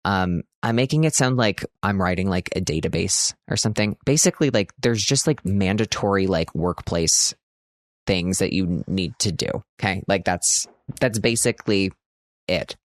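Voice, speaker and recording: A man's voice: sits low, normal speed, no echo, studio quality. A man in his thirties hosting a casual, rambling monologue, chatty and self-mocking, full of "like" fillers. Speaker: podcast host.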